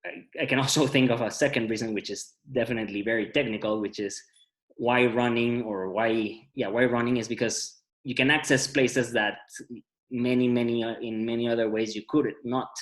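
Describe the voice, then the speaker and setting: A man's voice: mid-range voice, rough recording. Panel guest, man, loose rambling delivery, many restarts. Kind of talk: casual panel talk.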